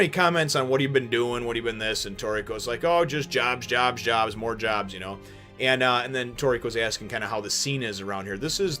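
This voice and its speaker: Rambling low-voiced man reviewing a manga. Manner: rambling, lots of fillers and restarts, animated bursts. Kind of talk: casual chapter review.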